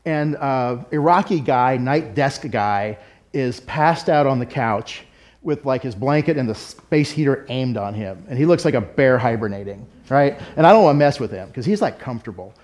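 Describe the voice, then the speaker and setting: A middle-aged pastor delivers a sermon with a personal story at normal speed. His mid-range voice is a little mellow with lively intonation, and his manner is candid, self-deprecating and conversational.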